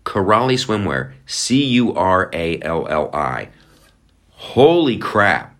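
Man, podcast host, very low voice, lively swooping pitch, rambling sarcastic chat. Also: a little slow. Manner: rambling, sarcastic, playful asides. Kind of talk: casual solo podcast talk.

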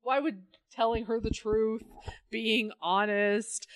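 A woman's voice: a little high, fairly even intonation, slow pace. Woman, podcast co-host, casual comic book chat, sarcastic, profane, mocking impressions.

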